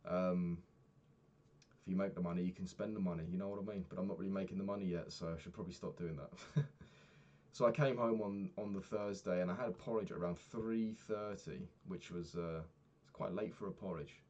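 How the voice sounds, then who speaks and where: A young man, a personal trainer, candidly recapping his week and swearing freely, getting animated when retelling annoyances. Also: sits low, a little fast, dull audio. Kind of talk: casual vlog recap.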